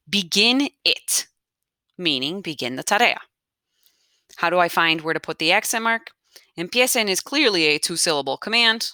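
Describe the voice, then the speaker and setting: A woman's voice: on the low side, pushed and bright, no echo, clean studio sound. A woman teaching a grammar lesson step by step, patiently explaining aloud as she marks up her notes. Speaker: Spanish teacher.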